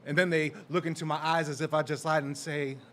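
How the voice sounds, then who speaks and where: A man delivering spoken word at an indoor open mic, his voice sitting a bit high. He is confrontational and profane, murmuring low asides and then shouting his hardest lines. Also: flat delivery, brisk, a little hiss or hum.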